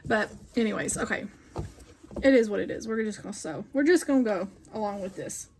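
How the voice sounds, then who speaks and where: In a brisk, mid-range voice, a quilting video host runs a casual sewing tutorial, thinking aloud. She talks to herself and rambles as she grows frustrated with her work, with sewing machine noise behind her.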